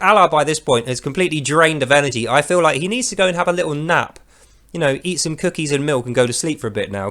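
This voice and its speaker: A man with a notably high voice delivers scornful commentary on scripture. He talks with biting sarcasm and casual swearing, like a host picking a text apart for his regular viewers. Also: a bit bright. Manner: sarcastic, profane, mocking. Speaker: host of a religious critique channel.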